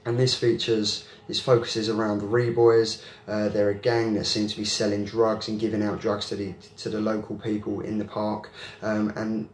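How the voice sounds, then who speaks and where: A man gives a comic review as a guest, explaining things steadily with small pauses. His voice is low and fairly monotone. The recording has a roomy echo with a faint hiss behind it. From London. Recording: echoey room with faint noise.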